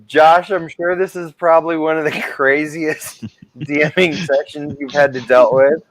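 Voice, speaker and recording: A man's voice: on the high side, steady tone, moderate pace. A man in a tabletop game group, sincerely thanking the game master in casual chat. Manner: earnest, thankful. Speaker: player.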